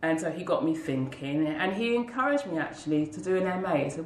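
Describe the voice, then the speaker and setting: Deep-voiced and animated, this woman speaks fairly quickly as an interview guest who leads a school. She sincerely shares a moving personal story, imitating the people she quotes, in a room-echoey recording with slight hiss or hum.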